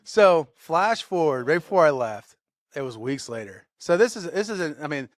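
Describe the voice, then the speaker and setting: A man tells a story on a podcast with lively energy, acting out the people in it. His voice sits a bit high. The sound is dry and close, with no room echo. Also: moderate pace. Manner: animated storyteller, acts out shouted quotes. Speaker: podcast co-host. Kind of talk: casual storytelling.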